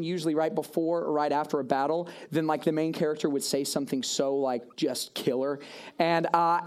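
A young man giving a casual, animated sermon to a youth group, with self-deprecating asides. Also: a little high, smooth. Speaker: youth pastor. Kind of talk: animated sermon retelling a story.

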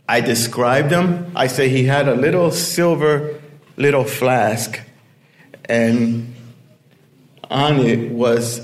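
Slow-talking man telling a story. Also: mid-range voice. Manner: conversational, rambling with many "you know" fillers. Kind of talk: personal storytelling.

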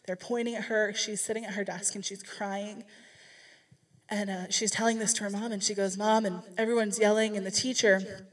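A woman's voice: mid-range voice, flat delivery, normal speed, far from the mic. A woman speaking to a church group, telling a story in a chatty, rambling way with frequent restarts. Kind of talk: casual sermon storytelling.

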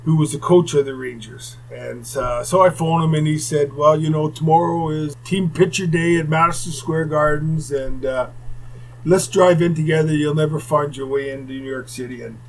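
An older former hockey player telling rambling anecdotes in casual conversation, with asides. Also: male voice, a little high, fairly even intonation, moderate pace, slight background noise, rough recording. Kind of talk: casual storytelling.

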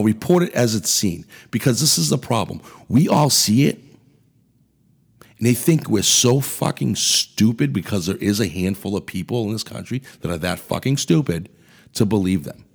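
A man's voice: lowish voice, expressive, moderate pace, gravelly, breathy edge. A man hosting a podcast, delivering an angry, profane political rant in a blunt way. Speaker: podcast host. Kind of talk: ranting political commentary.

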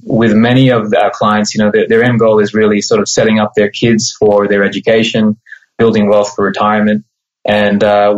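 A man from Australia with an Australian accent, a mortgage broker explaining things in a measured, casual interview. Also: fairly low pitch, muffled recording.

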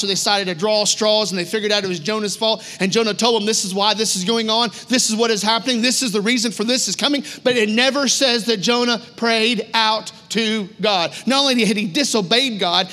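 A pastor delivers a sermon with a very high, bright and forceful voice. He drives points home with repetition and acts out quotes. His voice rings with a long reverb. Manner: emphatic preaching with repetition and acted-out quotes.

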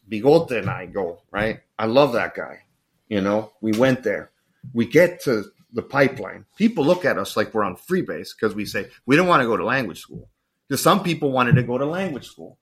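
A middle-aged man, a podcast guest, telling stories in an animated, joking way with apologetic asides. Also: lowish voice. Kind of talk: casual storytelling chat.

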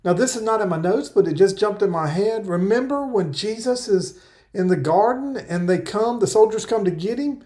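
A man preaching an earnest verse-by-verse sermon, explaining scripture and reading passages aloud slowly. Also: high voice, animated, warm tone. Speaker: pastor. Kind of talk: Bible-teaching sermon.

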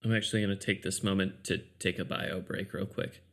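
A man at a casual tabletop game who explains the rules plainly. His voice is on the low side, and his delivery is steady and matter-of-fact. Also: a little fast, vocal fry, a little hiss or hum. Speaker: player.

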